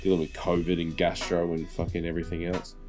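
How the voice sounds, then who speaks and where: A low-voiced man in his thirties rambles through a casual podcast chat, swearing freely, with faint guitar music underneath. He jumps loudly into his stories to act out what people said. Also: monotone, quick pace. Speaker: podcast co-host.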